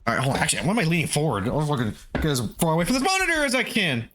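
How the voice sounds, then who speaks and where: A man's voice: on the high side, sing-song, rapid-fire, a bit bright, slight background noise. A man streaming a game live, talking through it with constant swearing and panicky outbursts. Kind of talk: live gameplay commentary.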